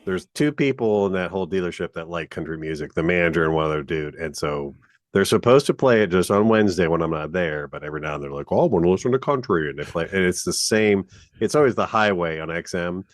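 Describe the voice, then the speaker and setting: A man's voice: low-pitched, lively intonation, fast talker, dry recording, clean studio sound. A man co-hosting a podcast, ranting bluntly and with plenty of profanity in a casual chat. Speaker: podcast co-host.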